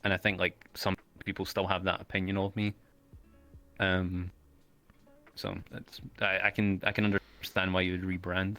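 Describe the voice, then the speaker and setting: Easygoing host with a bright voice. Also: male voice, low-pitched, little pitch movement, moderate pace, faint music behind. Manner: easygoing, slangy. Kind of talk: casual interview chat.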